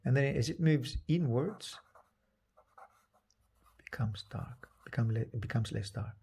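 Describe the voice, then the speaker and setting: A man giving a live painting demonstration, soft-spoken, thinking aloud, and often dropping to a whisper as he works. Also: mid-range voice, vocal fry, slight background noise. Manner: halting, thinking aloud with restarts. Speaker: painting teacher.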